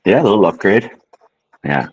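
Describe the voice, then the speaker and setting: A man's voice: lowish voice, animated, moderate pace, breathy edge, highs cut off. A man from Canada chatting on a video call, easygoing and rambling as he thinks aloud. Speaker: stream guest. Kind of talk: casual chat.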